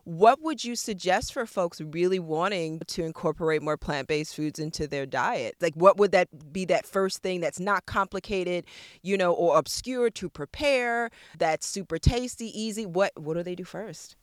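A woman's voice: lowish voice, normal speed, dry recording, studio quality. A woman hosting an interview, enthusiastic and effusive as she reacts and asks questions. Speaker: host. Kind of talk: casual interview chat.

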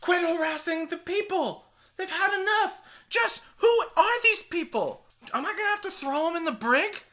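A game master voicing a fierce female dwarf bartender who dodges questions and scolds loudly. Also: lively intonation, normal speed, full character voice. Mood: shrill scolding. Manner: evasive, then shrill and scolding.

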